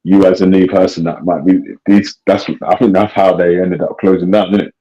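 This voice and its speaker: A man in casual, slangy, animated podcast chat. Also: sits low, fairly quick. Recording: dull lo-fi recording.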